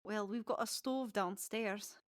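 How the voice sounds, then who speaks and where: A woman voicing a gruff old male ship captain who blusters and makes joking threats. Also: medium pitch, a little slow, no echo, clean studio sound, close to an everyday voice. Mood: matter-of-fact.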